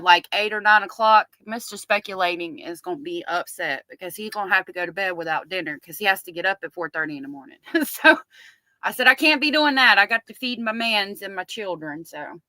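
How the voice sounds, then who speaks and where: Woman, middle-aged, chatty livestream host, bright forceful voice, dry close sound. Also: on the low side, no room sound, poor audio. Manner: chatty, reads viewer comments aloud. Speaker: livestream host covering a trial. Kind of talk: casual livestream chat with viewers.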